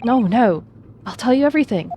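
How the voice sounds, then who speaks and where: Woman playing panicked young man, frantic, pleading, pitched up, game scene. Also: expressive, brisk, warm tone, a little hiss or hum, natural voice. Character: panicked young male defendant.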